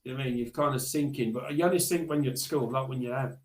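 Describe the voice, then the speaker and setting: A man telling stories from his childhood as a podcast guest, reflective and halting, with many restarts. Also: mid-range voice, reverberant, poor audio. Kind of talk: storytelling in a podcast interview.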